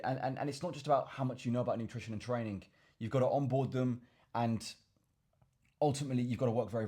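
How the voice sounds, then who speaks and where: Young English male fitness vlogger, rapid delivery, slightly husky voice, chatty rambling Q and A host. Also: mid-range voice, mellow. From England. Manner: rambling, repeats words, addresses viewers as chaps. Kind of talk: casual Q and A to camera.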